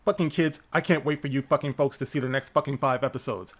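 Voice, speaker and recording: A man's voice: medium pitch, fairly even intonation, fast, a bit bright, pitched below the performer's own voice, lightly acted. Man doing a crude, cursing filmmaker impression. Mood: boastful. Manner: crude, swearing constantly. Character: gruff profane male filmmaker impression.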